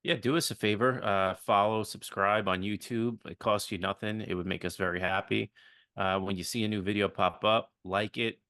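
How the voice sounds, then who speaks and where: A man's voice: on the low side, steady tone, moderate pace, pushed and bright, no echo, studio quality. A man co-hosting a casual movie podcast in a laid-back, joking way. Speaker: podcast co-host.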